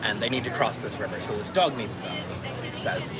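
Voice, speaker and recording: A man's voice: fairly low pitch, animated, fast talker, over loud music. A man co-hosting outdoors at a theme park, telling a joke in a dry, self-mocking way. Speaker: co-host. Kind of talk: casual chat. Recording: loud crowd and outdoor noise.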